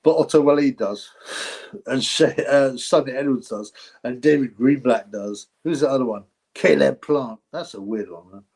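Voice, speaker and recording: A man's voice: medium pitch, normal speed, a little mellow, low-quality recording. A man hosting a live boxing stream, chatting casually, rambling, laughing often and thanking his viewers.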